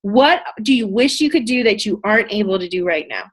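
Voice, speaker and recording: A woman's voice: mid-range voice, expressive, a little fast. A young woman giving a motivational sales training talk, bubbly and enthusiastic, often acting out both sides of a conversation. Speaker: network marketing trainer.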